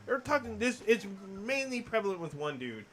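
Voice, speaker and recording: A man in casual chat, telling a story with excitement and laughter. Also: sits high, moderate pace, soft background music.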